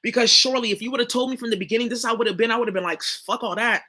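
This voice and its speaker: A young woman speaks bluntly and profanely, addressing her viewers head-on in a loose spoken monologue. Her voice sits a little high and sounds bright and sharp. A husky edge runs through it. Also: racing. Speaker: spiritual reader and channel host.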